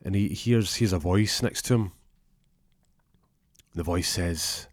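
Low-voiced man telling a comic story. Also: takes it slowly, no room sound, clean studio sound. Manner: stammers and restarts while narrating.

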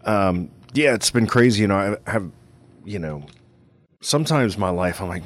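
A man with a very deep, low voice and a Cajun accent hosts a relaxed radio and podcast conversation. He rambles easily, filling his thoughts with "you know" and "right?". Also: moderate pace. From Louisiana. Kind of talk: casual chat.

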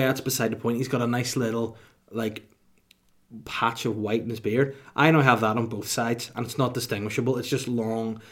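A man in his thirties hosts a solo podcast, talking to the mic in a loose, rambling way. His humor is crude and self-mocking. His voice sits in a mid pitch. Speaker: podcast host. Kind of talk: casual solo podcast monologue.

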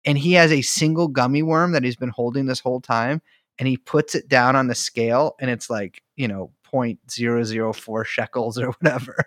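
A man's voice: mid-range voice, steady tone, normal speed, a bit bright, dry recording, studio quality. A man hosting a podcast, telling rambling jokey stories in casual chat. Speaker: podcast host.

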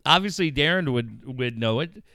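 A middle-aged man hosting a casual radio chat. He gets excited, swears freely and acts out quotes with big jumps in pitch. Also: moderate pace, no echo, clean studio sound. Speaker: radio show host.

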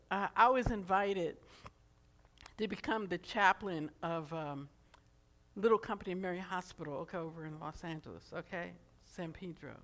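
A woman's voice: medium pitch, animated, normal speed, fairly bright tone. A woman in her seventies preaching a sermon, telling a personal story and building to emphatic, impassioned passages. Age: 70s.

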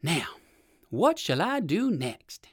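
Man doing an excitable old gentleman rabbit. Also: takes it slowly, husky, no room sound, clean studio sound, heavily acted. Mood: cheerful. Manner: high, excited exclamations. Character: kindly old gentleman rabbit, male, limping with crutch. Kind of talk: storybook reading.

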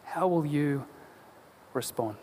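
A man preaching a sermon as a pastor, earnest and deliberate, asking rhetorical questions. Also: on the high side, warm tone, a little hiss or hum. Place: church. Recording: long church hall reverb.

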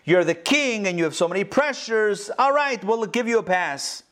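An indulgent forest animal waving away every confession with soothing, dismissive comfort, as a man plays him in a parable. His voice climbs noticeably higher than the teller's own. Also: lively intonation, normal speed, a bit bright. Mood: reassuring.

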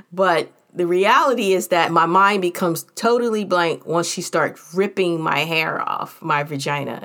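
A woman with a somewhat low-pitched voice tells a personal story in a loose, chatty way. She is candid and humorous, and her talk is full of casual fillers. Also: a bit bright.

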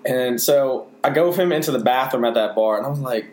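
A young man, co-host of a casual talk show, telling a story with animated quotes and swearing. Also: medium pitch, a little fast. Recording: echoey room with faint hiss.

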